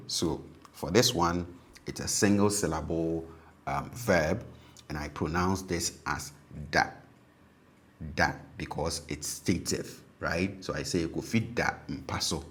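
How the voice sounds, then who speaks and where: A man's voice: sits low, fairly bright tone. A man teaching a language lesson, patiently repeating example sentences and checking in with "okay?".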